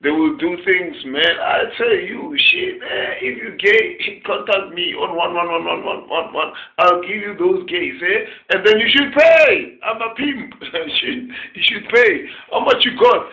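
A man doing a loud, rambling comic rant, full of shouting and cursing. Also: high-pitched, unhurried, echoey room, rough recording. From South Africa.

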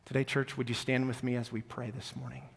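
A male pastor giving a sermon, telling a story in an animated way that swings from loud to hushed. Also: medium pitch, fast talker, creaky, a little hiss or hum. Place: church sanctuary. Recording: long church reverb.

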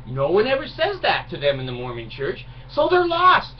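Middle-aged vlogger, animated mocking rant, recorded far off with faint hiss. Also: male voice, high-pitched, normal speed. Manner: mocking, indignant, laughs at own jokes. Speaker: video blogger. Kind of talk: ranting monologue. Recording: distant mic, dull lo-fi sound, faint noise.

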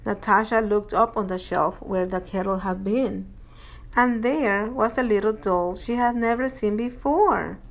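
Unhurried woman reading a picture book. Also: mid-range voice. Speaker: storytime reader.

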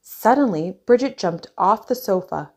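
A woman reading a children's picture book aloud, clear and expressive. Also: mid-range voice, measured pace. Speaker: storyteller.

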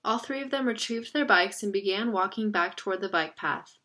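A woman reading a novel aloud as narrator. Her tone is bright and crisp. The delivery is steady and expressive. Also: mid-range voice, a little fast. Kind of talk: audiobook reading.

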